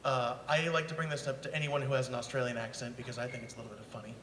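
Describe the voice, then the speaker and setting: A man's voice: medium pitch, level tone, racing, fairly bright tone, slight background noise. A man in the audience asking a panel questions in a rambling, earnest way. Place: convention hall. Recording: echoey hall mic.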